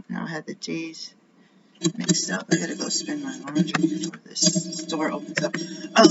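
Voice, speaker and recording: A man vlogging in a casual, rambling monologue, drifting between topics and often dropping into a whisper. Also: a little high. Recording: slightly dull lo-fi recording with faint noise.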